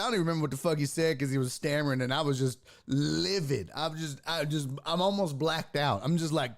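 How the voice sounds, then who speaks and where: A man's voice: on the high side, fairly quick, few pauses. A man hosting a sports podcast, telling a story casually and acting out the people in it, with lots of swearing. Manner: animated, profane, acts out voices in his anecdotes.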